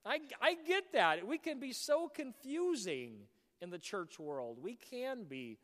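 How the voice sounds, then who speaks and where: High-voiced preaching man in echoing hall. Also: slow. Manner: animated preaching, bursts of shouting. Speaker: pastor. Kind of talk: sermon. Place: church sanctuary. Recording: long hall reverb.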